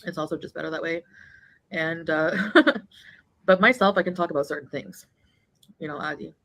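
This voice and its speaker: A woman's voice: deep voice, moderate pace, fairly bright tone, poor audio. A woman chatting casually in a vlog while eating, rambling and laughing often. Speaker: vlogger.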